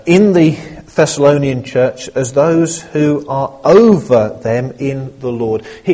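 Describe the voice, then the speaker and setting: Slow, husky-voiced male preacher. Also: mid-range voice, darkish tone. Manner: measured, earnest preaching with small restarts. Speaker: pastor. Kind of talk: sermon.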